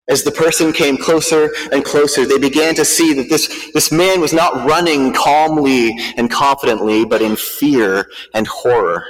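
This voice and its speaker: A man's voice: medium pitch, fairly even intonation, long reverb tail, low-quality recording. Man telling a dramatic story in a sermon. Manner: vivid, measured storytelling. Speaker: preacher.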